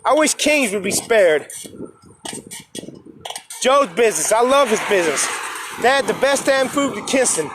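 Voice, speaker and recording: A middle-aged man ranting angrily into his phone outdoors, swearing and yelling over and over. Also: very high-pitched, expressive, moderate pace, long pauses, noisy background. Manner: profane, yelling, repeating curses. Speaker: vlogger. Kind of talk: angry outdoor live-stream rant. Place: outdoors on a flooded street. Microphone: phone or tablet.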